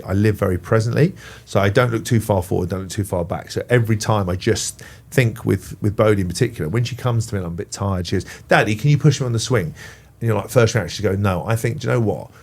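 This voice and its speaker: A man's voice: fairly low pitch, fast talker, vocal fry. A middle-aged man from England, a podcast guest, chatting casually about parenting and swearing freely. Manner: swears freely, animated when ranting. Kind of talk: casual chat.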